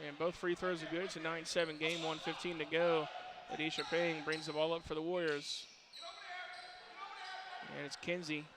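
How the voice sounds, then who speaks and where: Guy calling a hoops game, pretty flat and even, lots of noise behind. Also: on the high side, normal speed. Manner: steady, jokey play-by-play. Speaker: play-by-play announcer. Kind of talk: basketball play-by-play commentary.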